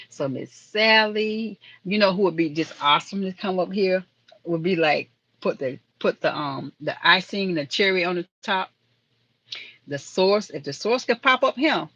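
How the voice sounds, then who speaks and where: A woman's voice: lowish voice, normal speed, fairly bright tone, dry recording. Woman rambling on her phone live stream, chatty, talking to the chat, kinda muffled lo-fi sound. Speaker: livestream host.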